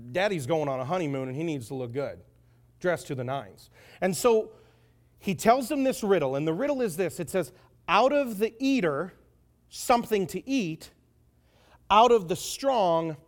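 A man's voice: high-pitched, darkish tone. A man preaching a sermon as conversational, joking storytelling, with asides to the audience.

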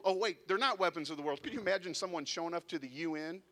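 A man in his thirties preaching a sermon, animated and conversational, with sudden drops to a hush. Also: fairly high pitch, quick pace. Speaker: pastor. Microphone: handheld mic, sometimes set down.

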